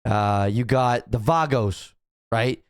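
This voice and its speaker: A man's voice: medium pitch, slow pace, clear, resonant tone, no room sound, clean studio sound. A young man streaming, chatting casually to his chat, rambling and swearing, with lots of restarts and repeated "right?".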